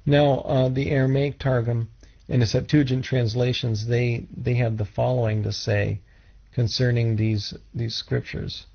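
A man teaching scripture in a measured way, restarting phrases and putting questions to his listeners. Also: mid-range voice, little pitch movement, vocal fry, slightly rough. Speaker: Bible teacher. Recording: dull lo-fi recording.

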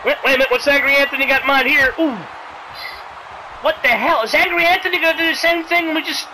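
A game commentator calling a wrestling video game play by play, excitable, sarcastic, yelling at big moves and pleading with the wrestlers. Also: high-pitched, fairly quick, a loud crowd, very noisy. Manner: sarcastic asides and mild swearing.

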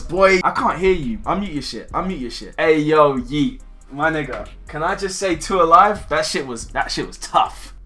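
A young man chatting with strangers on a video chat site. He talks loudly and excitably, swears a lot, and keeps bursting into shouts. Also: a little high, a little slow, faint music behind. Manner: loud, excitable and profane, breaking into shouts and laughter.

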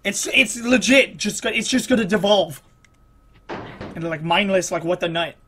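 A man's voice: sits high, moderate pace, fairly bright tone, slight background noise. A man playing a video game and commenting as he goes, groaning and exclaiming in exasperation at his failures. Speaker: gamer. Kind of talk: frustrated gameplay commentary.

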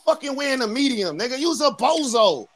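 A man from New York with a New York accent, trash-talking loudly and boastfully as a guest on a livestream call. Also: very high voice, very animated, a little fast. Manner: brash, boastful, loud. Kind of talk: heated livestream trash talk.

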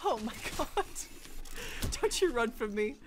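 A woman giving excitable, frantic gameplay commentary, often breaking into laughs. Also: fairly high pitch, unhurried, noisy background. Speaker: gaming video creator. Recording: gunfire and game sounds behind voice. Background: game gunfire and effects.

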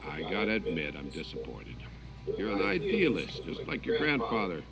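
A gravelly villain commander. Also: male voice, sits low, huge pitch swings, moderate pace, over loud music, exaggerated voice. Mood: menacing. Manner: cool, menacing, businesslike. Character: gruff middle-aged male mercenary commander villain. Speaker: expedition commander. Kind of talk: animated film dialogue.

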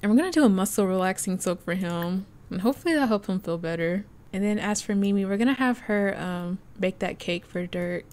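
A woman hosting a let's play, chatting excitedly through her gameplay and laughing often. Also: medium pitch, brisk, few pauses. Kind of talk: casual gameplay commentary.

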